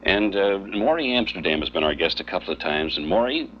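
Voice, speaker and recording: A man's voice: deep voice, lively intonation, fairly quick, a bit bright. A man hosting a morning radio show, bantering playfully with guests, on a dull 1960s recording with faint hum. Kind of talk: breezy radio interview.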